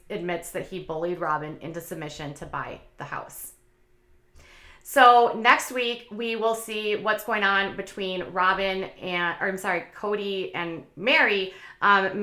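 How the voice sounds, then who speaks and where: A woman's voice: mid-range voice, sharp tone, roomy sound. A woman hosting a casual commentary channel, talking in a chatty, opinionated way with lots of fillers.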